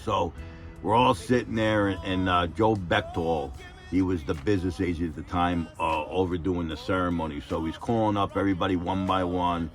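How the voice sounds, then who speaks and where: A man's voice: low-pitched, fairly even intonation, moderate pace, faint music behind. A man telling rambling, profane stories about his old job. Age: 50s. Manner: rambling, profane, repeats "and everything". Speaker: retired electrician telling stories. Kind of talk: casual storytelling.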